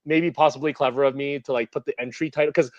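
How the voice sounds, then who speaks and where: A man's voice: mid-range voice, fairly even intonation, fast talker, dry recording, muffled recording. A man from Canada, a guest in a casual interview, talking animatedly with lots of fillers. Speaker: interview guest, model builder.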